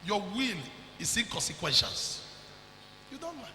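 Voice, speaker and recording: A Nigerian preacher delivers a fervent sermon, his high, swooping voice leaping into sudden shouts. His tone is bright and piercing with a gravelly edge, and it rings out through an echoey church hall with a long tail of reverb. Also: expressive, normal speed, long pauses, a faint crowd. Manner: fervent preaching, bursts into shouts, mixes in pidgin. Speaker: pastor.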